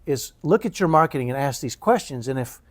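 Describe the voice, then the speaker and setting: A man co-hosting a podcast, telling a story in casual chat with animated bursts. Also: mid-range voice, fairly quick. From Dallas area, Texas. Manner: animated storyteller, mimics fax beeps. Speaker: podcast co-host.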